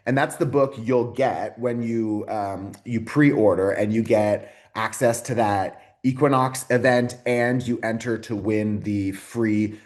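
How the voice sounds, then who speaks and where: A man talks straight to his viewers in a loose, rambling way, full of "like" and "you know." He swears freely and gets excited. His voice sits at an ordinary middle pitch for a man. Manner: excitable, swears often, rambling with many fillers. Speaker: astrology video host. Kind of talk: casual unscripted talk to camera.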